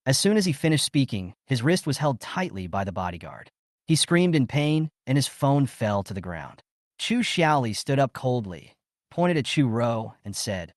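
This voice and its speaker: A man narrating a recap story in a steady, scripted storytelling voice. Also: mid-range voice, normal speed, no room sound, clean studio sound.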